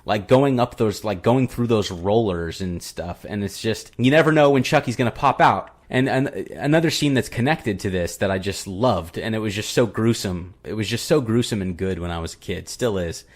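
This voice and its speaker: A man co-hosts a relaxed podcast conversation, agreeable and enthusiastic. His voice sits on the low side, and he talks in a casual, easygoing way. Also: normal speed, hardly any pauses. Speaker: podcast co-host. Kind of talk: casual chat.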